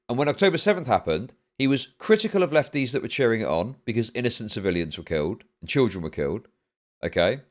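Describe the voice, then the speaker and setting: A man streaming live, reading out donations with a dry, repeated "indeed," then explaining at length with many fillers. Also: mid-range voice. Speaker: streamer reacting to a video.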